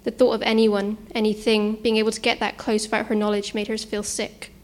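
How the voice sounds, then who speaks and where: A woman narrating a suspense story in a measured, tense manner. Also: mid-range voice, little pitch movement.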